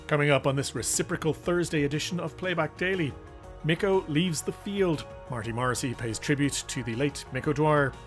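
A man's voice: a little high, faint music behind. Man presenting a radio show. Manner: measured, introduces items in turn.

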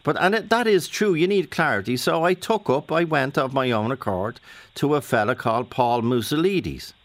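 A man with an Irish accent hosts a radio phone-in from a studio microphone. He talks in a chatty, bouncy way, firing quick questions and restarting his sentences. His voice sits at an average pitch, with a dry, close studio sound. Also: expressive, no echo. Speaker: radio host.

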